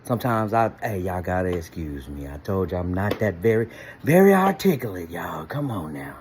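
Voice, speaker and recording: A man's voice: low voice, very animated, normal speed, a little mellow, a little hiss or hum. A man hosting a casual cooking vlog, chatty and slangy, calling his viewers y'all all the time. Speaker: cooking vlogger.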